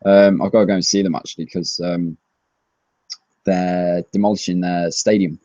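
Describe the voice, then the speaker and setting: Young male streamer, low-ish voice, eager rambling fan talk, dry close sound. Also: normal speed, dry recording. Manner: excitable, rambling fan chatter. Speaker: streamer answering viewer questions. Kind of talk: casual live-stream Q&A. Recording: dry, slightly dull lo-fi mic.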